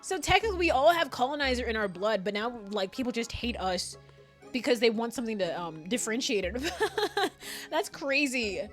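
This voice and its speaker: Giggly, animated woman streamer. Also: fairly high pitch, moderate pace, soft background music. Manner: giggly, rambling, swears freely. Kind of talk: casual live-stream commentary.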